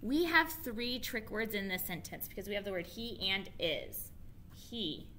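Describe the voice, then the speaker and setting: A woman teacher giving a reading lesson to young children, spelling and sounding out words slowly and asking them to repeat after her. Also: mid-range voice, sing-song, sharp tone, slight background noise.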